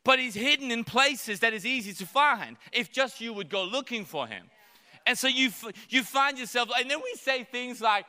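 A pastor in his thirties delivers a sermon from a church stage, speaking fairly quickly in a high, very bright voice. He tells his story playfully, acting out the voices of his child and of God. Each phrase fades into a long reverb through the hall.

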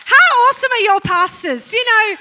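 Female guest preacher, very high pitch, bright tone, energetic call-and-response sermon. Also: moderate pace, slight background noise. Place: church service.

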